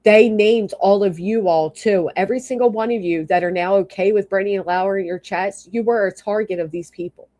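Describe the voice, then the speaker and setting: A woman's voice: mid-range voice, fairly quick, few pauses, warm tone. Angry profane woman livestreamer. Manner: reads and thanks chat commenters. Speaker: YouTube livestreamer. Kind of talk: livestream rant.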